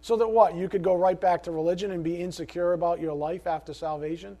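Pastor, male, high-pitched voice, impassioned sermon delivery with soft asides and loud exhortations. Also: fairly even intonation, quick pace, hardly any pauses.

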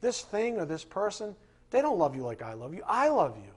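A man speaking as the Lord, a devoted husband who reassures gently and intimately. The voice sits a little high and sounds husky. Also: wildly swooping pitch, brisk, full character voice. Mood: tender.

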